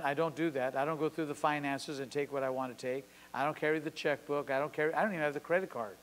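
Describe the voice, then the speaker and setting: A man's voice: on the high side, fairly bright tone, long reverb tail, rough recording. A man preaching a sermon as pastor, driving his points home with short, emphatic, repeated declarations.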